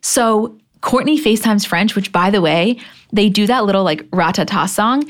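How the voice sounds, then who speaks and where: A woman's voice: mid-range voice, normal speed. A young woman co-hosting a podcast, chatting casually and gossiping about a TV show, swearing freely. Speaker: podcast co-host. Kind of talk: casual chat recapping a TV show.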